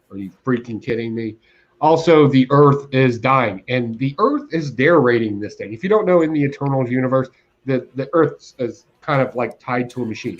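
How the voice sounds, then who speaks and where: On a casual comics review podcast, a co-host with a mid-range voice rants animatedly and laughs a lot. The audio sounds dull.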